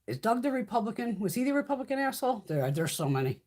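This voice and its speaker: A woman's voice: on the high side, very animated, fast, darkish tone. A woman hosting a casual live stream, ranting bluntly and profanely, reacting to chat comments as she goes. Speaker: beauty livestream host.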